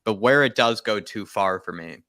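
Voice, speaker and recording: A man's voice: lowish voice, normal speed, sharp tone, no room sound, clean studio sound. A man hosting a football fan show, talking candidly and reflectively in casual chat.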